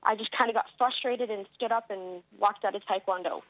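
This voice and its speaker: A woman's voice: medium pitch, fairly quick, a bit bright. A woman from Canada calling in to a radio show, asking a question about her children in a hesitant way. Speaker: caller. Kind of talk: phone-in question. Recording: phone line.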